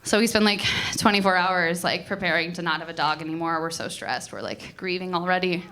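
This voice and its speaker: A young adult woman doing a stand-up comedy set on a comedy club stage, telling a story and putting on lively voices for the people in it. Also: lowish voice, brisk. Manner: storytelling, animated character voices.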